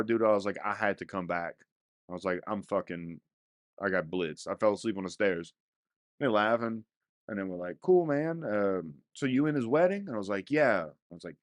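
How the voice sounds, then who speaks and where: A man's voice: fairly low pitch, dry recording. A young man telling a rowdy, profane story in casual podcast chat, often laughing. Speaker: storyteller guest.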